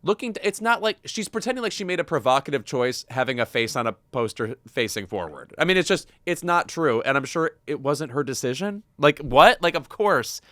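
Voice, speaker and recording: A man's voice: on the high side, animated, fairly quick, few pauses, pushed and bright, no echo, clean studio sound. A man co-hosting a podcast in casual pop-culture chat, wry and chatty, with lots of asides and fillers. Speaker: podcast co-host.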